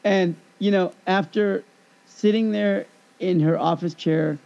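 High gravelly man telling a story. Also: takes it slowly. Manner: animated storytelling, acting out both sides of a conversation. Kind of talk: casual chat. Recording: dull lo-fi recording.

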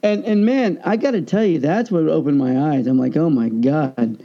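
High, gravelly man telling stories. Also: brisk, muffled recording. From United States. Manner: animated storyteller, acts out quoted voices. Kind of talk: casual storytelling chat.

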